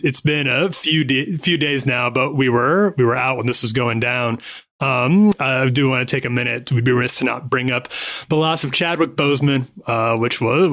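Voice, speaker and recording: A man's voice: mid-range voice, fairly bright tone, no echo. A man hosts a podcast in mid-range, everyday tones. He speaks earnestly and halts often with fillers as he gathers his thoughts. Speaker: podcast host. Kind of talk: casual podcast chat.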